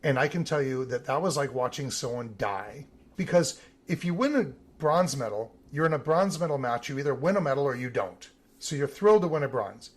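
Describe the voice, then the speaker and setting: A man, an Olympic team photographer, telling animated stories in an interview. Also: medium pitch, fairly quick. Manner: animated anecdotal telling with some vivid emphasis. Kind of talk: interview storytelling.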